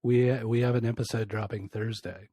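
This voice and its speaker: A man co-hosts a podcast with a dry, deadpan delivery that barely rises or falls. His mid-pitched voice is husky and mellow, recorded close with a dry sound. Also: moderate pace, no room sound. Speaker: podcast co-host. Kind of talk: casual chat. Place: home.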